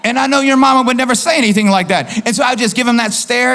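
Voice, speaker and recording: A male pastor preaching a sermon in an animated way, acting out quoted voices and repeating lines for emphasis. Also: very high voice, fast.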